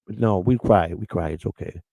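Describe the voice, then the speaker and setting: Gravelly rambling live-stream host man. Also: low voice, a little fast, mellow, dry recording, poor audio. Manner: rambling, repeats words as he restarts; blunt, crude talk. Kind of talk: unscripted live-stream chat.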